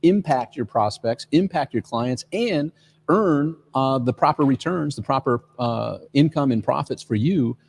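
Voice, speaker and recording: A man's voice: medium pitch, animated, a little slow, creaky, a little mellow. A man co-hosting a live stream, speaking in an upbeat promotional way. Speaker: co-host.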